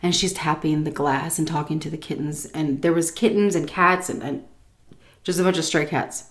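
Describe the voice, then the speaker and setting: A woman in her thirties from the United States, casually telling an animated story while eating, often laughing and acting out voices. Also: low voice, moderate pace. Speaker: food vlogger telling a story.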